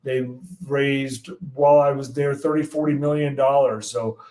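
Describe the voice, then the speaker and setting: A man in his sixties from the United States, a guest meteorologist telling animated stories in an interview and acting out the quotes. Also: mid-range voice, measured pace, low-quality recording. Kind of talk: storytelling in an interview.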